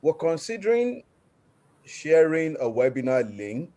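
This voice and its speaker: A man's voice: on the high side, big pitch swings, a little slow, mellow. A man hosting an online question session over a video call, politely stumbling through restarts. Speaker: host. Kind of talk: moderating an online Q&A.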